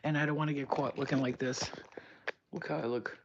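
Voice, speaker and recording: A woman's voice: extremely low pitch, fairly even intonation, fairly quick, dull audio, noisy background. A woman chatting casually on a live stream, rambling, swearing and laughing often. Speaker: livestreamer.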